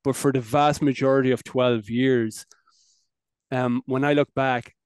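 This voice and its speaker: A man's voice: mid-range voice, fairly even intonation, measured pace, smooth, no room sound. Irish man, podcast guest, candid and good-humored, medium voice, dry recording. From Ireland. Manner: candid, laughs often, stammering restarts. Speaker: podcast guest, men's coach. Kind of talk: casual interview chat.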